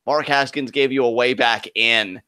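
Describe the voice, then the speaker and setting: A man's voice: mid-range voice, steady tone, normal speed, pushed and bright, smooth, dry recording, studio quality. A man co-hosting a live wrestling reaction, ranting with heated, profane fan commentary. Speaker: co-host of wrestling reaction show.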